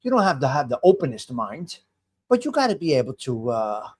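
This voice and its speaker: A man's voice: mid-range voice, sing-song, a little fast, breathy edge. A man in his fifties hosting a casual live stream, greeting viewers by name and rambling as he restarts his sentences. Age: 50s. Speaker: livestream host. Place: home.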